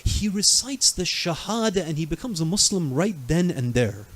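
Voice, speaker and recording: Man preaching a lively story sermon. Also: fairly high pitch, normal speed, dry recording. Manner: animated storytelling with dramatic quoted voices. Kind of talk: Muharram night sermon storytelling. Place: mosque.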